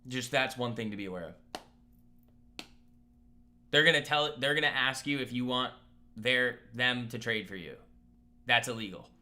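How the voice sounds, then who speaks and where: A man's voice: medium pitch, moderate pace, pauses often, sharp tone. A young man hosting a live trading stream from his apartment, chatting casually, rambling and joking while reading the chat aloud. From Boston area. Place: apartment room.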